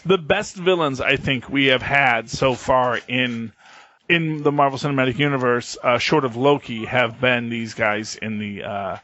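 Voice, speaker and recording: A man's voice: mid-range voice, a little slow, pushed and bright. A man co-hosting a podcast in casual chat, rambling with many fillers and restarts. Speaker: podcast co-host. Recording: dull lo-fi podcast audio, dry.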